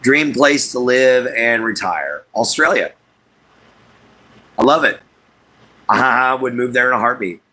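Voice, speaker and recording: Halting man chatting with viewers. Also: mid-range voice, expressive, bright, forceful tone. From Southeast Texas. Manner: unhurried, halting, many fillers, talks to chat by name. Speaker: livestream host. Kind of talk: casual chat with viewers.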